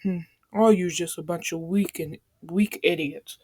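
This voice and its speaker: A woman's voice: on the low side, a little slow, mellow, slightly rough, no echo. A cocky teenage bully who sneers and threatens, all hot temper and no patience, as a woman telling the story puts him on. Casual slang, tossed-off insults. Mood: sneering. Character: arrogant hot-headed teen boy bully.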